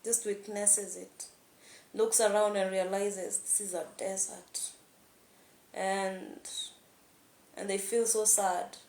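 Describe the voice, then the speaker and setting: Slow, gravelly woman vlogging. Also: mid-range voice, flat delivery, a little mellow. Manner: candid, rambling, laughs often. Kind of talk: casual vlog monologue. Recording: echoey room.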